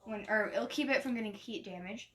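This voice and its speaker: A young woman with a medium-pitched voice gives a casual live hair-styling tutorial, demonstrating on a model. She talks a little fast and chattily through each step with lots of likes and restarts, and there's a little hiss or hum.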